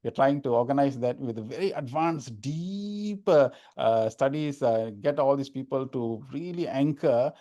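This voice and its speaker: A man's voice: mid-range voice, unhurried, few pauses, dark tone, dull audio. A man giving an informal spiritual talk, repeating phrases for emphasis. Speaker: spiritual speaker.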